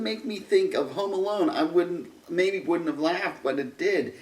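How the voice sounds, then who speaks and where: A man's voice: sits high, measured pace, few pauses, darkish tone. A man ranting through a film review, rambling, restarting sentences and turning sarcastic. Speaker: movie reviewer. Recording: roomy echo, distant mic.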